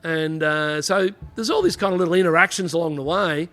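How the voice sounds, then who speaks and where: Middle-aged aussie bloke, ex-cop yarning away, kinda high voice, lots of "you know". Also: male voice, a little fast, a bit bright. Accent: Australian. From Australia. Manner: blokey, rambling anecdotes with frequent "you know". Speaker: interview guest, former police officer. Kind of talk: casual storytelling interview.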